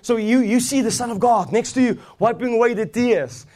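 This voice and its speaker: A man's voice: very high voice, a little fast, darkish tone. A man preaching a sermon with fervor, repeating phrases and building intensity as he goes. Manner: fervent, rising and swelling as he preaches, with repeated phrases.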